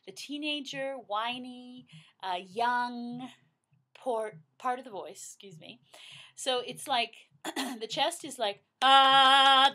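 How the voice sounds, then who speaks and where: A middle-aged woman teaching singing, explaining vocal registers slowly and breaking into loud sung exercises. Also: fairly high pitch. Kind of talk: vocal lesson with sung demonstrations.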